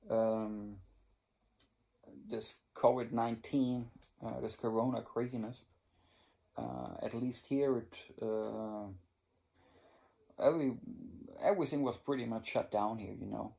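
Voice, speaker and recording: Gravelly-voiced man chatting casually. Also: mid-range voice, darkish tone. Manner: chatty, rambling, frequent restarts and swearing. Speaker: cigar review channel host. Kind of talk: casual storytelling to viewers. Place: home in Germany.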